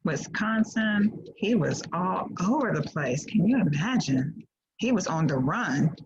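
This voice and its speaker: Her voice sits low, husky and a little mellow, with a sing-song lilt and a slightly slow pace. She's teaching a class on a video call, reading out clues with playful encouragement and frequent laughter, over dull lo-fi audio.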